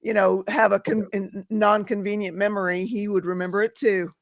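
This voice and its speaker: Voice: mid-range voice, level tone, dry recording, studio quality. A participant in an online recovery meeting chatting casually over a video call and stumbling over a few words. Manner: halting, restarts words.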